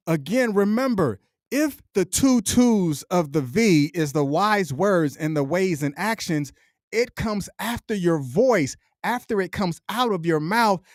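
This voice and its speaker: A man's voice: high voice, no room sound, clean studio sound. A middle-aged man hosting a podcast, delivering a reflective motivational monologue in a repetitive, preacher-like cadence. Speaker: podcast host.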